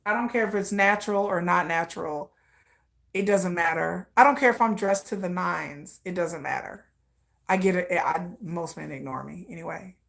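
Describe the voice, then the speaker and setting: Gravelly-voiced blunt woman. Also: on the low side, normal speed. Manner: blunt, profane, laughing asides. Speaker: vlogger. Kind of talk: candid personal storytelling.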